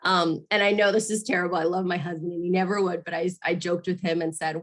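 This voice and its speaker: A woman's voice: on the low side, fairly quick, few pauses. A woman in her thirties from Arizona, candidly telling a personal story in an interview, laughing now and then and acting out what people said. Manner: candid, laughs often, acts out quoted voices. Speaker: guest mother.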